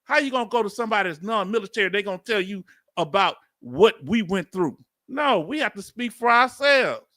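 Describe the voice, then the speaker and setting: High, bright Southern man commenting. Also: fairly quick, no room sound, studio quality. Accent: Southern US, Houston. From Houston, Texas. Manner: animated preacher-like call and response. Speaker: veteran YouTube host. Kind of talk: casual livestream commentary reading chat.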